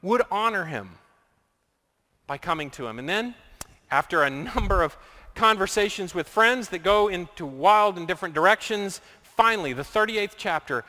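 A man's voice: high voice, lively intonation, moderate pace, bright, forceful tone. A man preaching a sermon as pastor, earnest and building his points through repetition. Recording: long reverb of a large hall.

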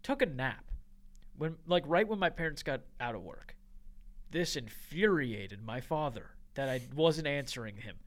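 Young man telling a rambling, animated story. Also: a little high, a little slow. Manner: animated, heavy use of "like", laughs while telling stories. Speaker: podcast co-host. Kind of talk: casual storytelling chat.

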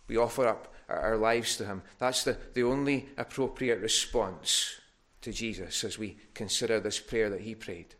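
A man's voice: fairly low pitch, fairly even intonation, normal speed, a bit bright. A man preaching a sermon in a church, earnest and given to restarts, rising in force on his appeals. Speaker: pastor.

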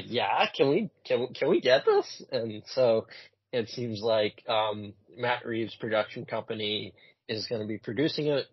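A man co-hosting a casual podcast, speaking with a husky, breathy edge. He gets animated and blunt, swears freely and restarts his phrases. The sound is dry and a little dull, like a lo-fi home recording. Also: on the low side, dry recording. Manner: animated, swears, repeats himself. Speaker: podcast co-host. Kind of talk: casual chat.

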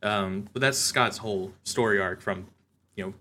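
A man's voice: on the low side, moderate pace, bright, forceful tone, a little hiss or hum. A man co-hosting a podcast, recapping a comic in loose, casual chat with lots of fillers and laughs. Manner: laughs often, loose and chatty with frequent fillers. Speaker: podcast co-host.

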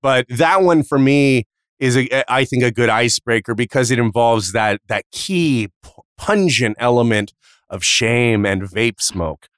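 A man's voice: mid-range voice, clean tone, dry recording, studio quality. A man hosting a podcast, telling a long comic story in casual, profane chat with sudden jumps in voice. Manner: animated, profane storyteller with quick voice shifts. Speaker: podcast host.

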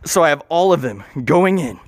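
Young man, goofy rambling storytelling, self-interrupting, lively pitch, dry close sound. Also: normal speed, no echo.

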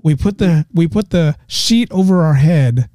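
A man's voice: fairly high pitch, a little slow, no room sound, studio quality. A man hosting a podcast, telling funny stories in casual chat and laughing often. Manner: laughing storyteller, animated asides. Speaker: podcast host.

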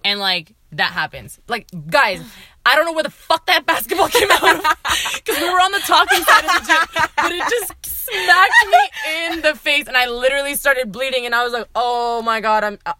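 Animated young woman telling stories. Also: high-pitched, moderate pace, very noisy. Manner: animated, laughing storyteller, swears freely. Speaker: podcast co-host. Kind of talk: casual storytelling chat.

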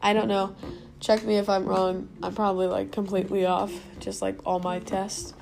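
A woman's voice: medium pitch, little pitch movement, normal speed. A young woman hosting a casual solo podcast from home, rambling with self-mocking asides. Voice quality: creaky vocal fry. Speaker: podcast host.

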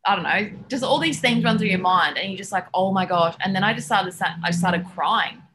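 A woman's voice: mid-range voice, brisk, very noisy. A woman, a nutritionist chatting as a podcast guest and telling stories with lots of fillers. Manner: chatty, lively storytelling with many fillers. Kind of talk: casual chat.

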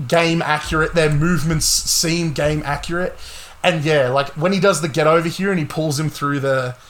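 A young man hosting a casual gaming podcast, talking excitedly and swearing a lot. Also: a little high, moderate pace. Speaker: podcast host.

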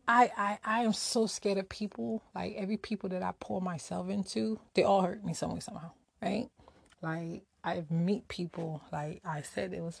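A woman's voice: mid-range voice, vocal fry, a little mellow, slightly rough, no echo. A middle-aged woman ranting candidly in a casual personal vlog, slightly out of breath, tossing in rhetorical asides. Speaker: vlogger.

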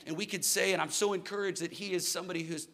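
A man's voice: high voice, fairly even intonation, fast talker, fairly bright tone. A man in his thirties preaching a sermon in a church hall, earnest and building to emphatic declarations. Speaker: pastor.

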